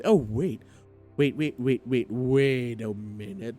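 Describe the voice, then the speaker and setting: A man's voice: medium pitch, slow pace, warm tone, soft background music. A man streaming a visual novel game live, chatting and laughing with viewers and tripping over his words. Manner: chatty, laughing, stammering restarts.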